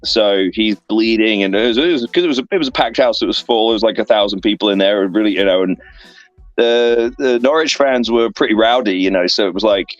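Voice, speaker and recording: An English professional wrestler in his thirties, guesting on an online interview stream, rambles through backstage stories full of fillers and lively voiced asides. His voice is lowish and brisk, on a dry recording with the highs cut off.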